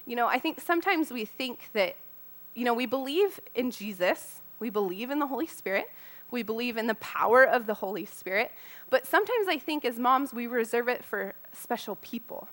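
A woman in her thirties with a slightly high, somewhat bright voice delivers an earnest, personal sermon to mothers. Her intonation is lively and her pace moderate, and she talks casually, laughing often.

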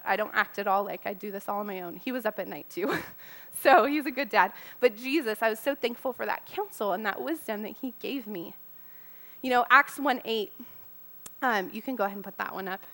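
A woman's voice: fairly high pitch, bright, forceful tone. A woman in her thirties giving an earnest, personal sermon to mothers, talking casually and laughing often. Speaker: speaker to mothers. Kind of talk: conversational sermon.

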